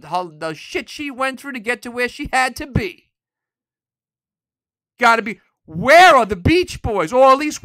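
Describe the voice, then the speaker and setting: A man hosting a podcast alone, delivering an angry, profane rant that bursts into shouting. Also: extremely high pitch, no room sound, studio quality. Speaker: podcast host. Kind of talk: solo ranting podcast.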